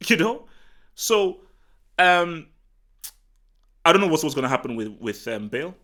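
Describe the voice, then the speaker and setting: A man from Nigeria hosting a live football talk stream, chatting casually and answering the chat in an excitable, rambling way full of restarts. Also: on the high side, a little slow. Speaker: football talk show host. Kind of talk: casual livestream commentary, reading the chat.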